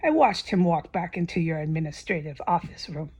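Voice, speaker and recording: A woman with a husky voice on the low side rants angrily in a vlog, speaking briskly with lively intonation. She's profane and agitated, her voice climbing sharply to near-shouts at moments.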